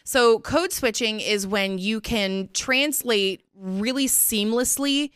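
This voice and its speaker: A woman hosting a podcast in casual chat, animated and blunt, swearing freely. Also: fairly high pitch, slow, smooth, no echo, clean studio sound. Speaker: podcast host.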